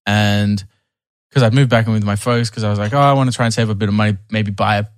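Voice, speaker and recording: A man's voice: on the low side, steady tone, fast talker, clean tone, dry recording, studio quality. A young man telling a long personal story in a casual podcast chat, with many restarts and fillers. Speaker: podcast guest.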